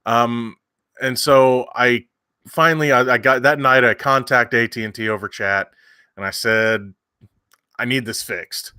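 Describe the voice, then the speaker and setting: A man's voice: mid-range voice, fairly even intonation, measured pace, pushed and bright, clear, resonant tone, no echo, studio quality. A man, hosting a livestream and telling a long story in casual chat with many fillers and restarts. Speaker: livestream host.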